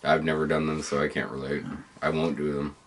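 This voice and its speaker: A man co-hosting a casual podcast, speaking in a flat, expressionless monotone. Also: rumbling low, a little fast, a little hiss or hum. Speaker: podcast co-host. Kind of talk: casual chat.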